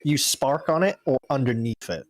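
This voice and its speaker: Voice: medium pitch, animated, normal speed. A player at a tabletop game, casually working out a move and asking about the rules.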